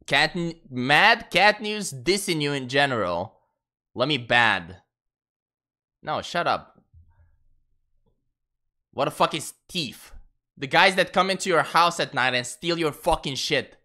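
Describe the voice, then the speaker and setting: Bright, animated, profane young streamer guy. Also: on the high side, takes it slowly, pauses often. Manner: profane, exasperated ranting with laughter. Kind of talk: casual gaming stream chat.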